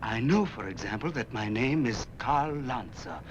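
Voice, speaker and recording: An actor in a 1950s TV drama playing a confused, haunted German man on a ship, speaking in an uneasy, halting way. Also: medium pitch, animated, dull audio, slight background noise, natural voice. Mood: bewildered.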